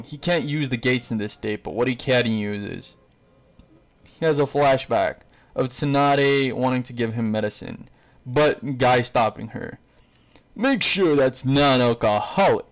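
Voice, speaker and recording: A man's voice: medium pitch, measured pace. A man narrating a fan-made story in a casual, rambling way, with fillers and self-corrections.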